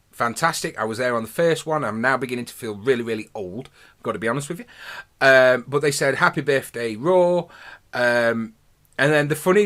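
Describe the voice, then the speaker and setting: Guy in his 30s rambling through his podcast review, chatty and excited. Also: medium pitch. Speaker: podcast host. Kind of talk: casual solo review monologue.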